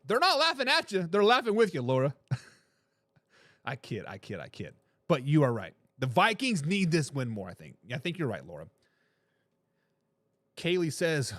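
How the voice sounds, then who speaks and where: A man hosts a casual live sports talk show, reading viewer comments aloud and laughing along. His pitch swings widely as he jokes and riffs. The sound is dry and close, with no room echo. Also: normal speed, long pauses. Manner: animated, jokey, reads viewer comments aloud and laughs often.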